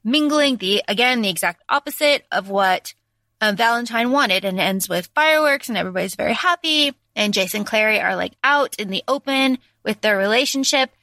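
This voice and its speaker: A woman co-hosting a book podcast, recapping the plot in animated casual chat with many fillers. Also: a little high, a little fast, no room sound. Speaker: podcast co-host.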